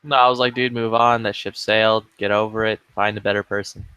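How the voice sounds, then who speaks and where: Bright-voiced blunt young man. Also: fairly low pitch, flat delivery, brisk, clean tone, no echo. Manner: blunt, joking, crude. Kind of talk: casual chat with a friend.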